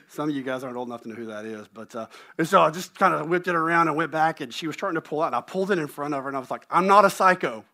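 Middle-aged male pastor, bright, clear voice, lively sermon storyteller with self-deprecating asides. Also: a little high, racing, few pauses. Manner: animated storyteller, self-deprecating, repeats words when excited. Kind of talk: sermon with personal stories.

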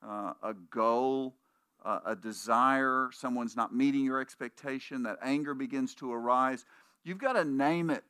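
A man's voice: mid-range voice, measured pace, pushed and bright, clear, resonant tone, dry recording, clean studio sound. A man preaching a conversational sermon, telling anecdotes and acting out the voices of people in his stories. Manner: puts on voices when quoting people in stories. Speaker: pastor.

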